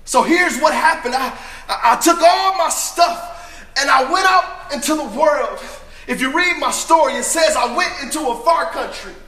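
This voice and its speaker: A man performing a dramatic first-person monologue as a brash, boastful young prodigal son, emphatic and often shouting. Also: very high voice, animated, normal speed, roomy sound, full character voice.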